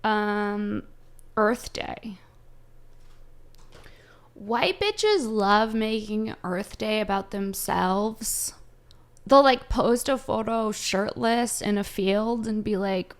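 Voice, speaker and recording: A young woman comedian from Southern California, chatting casually and ranting in a brash, profane way with sudden loud jumps. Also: medium pitch, slow, clear, resonant tone. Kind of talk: casual chat, answering viewer questions.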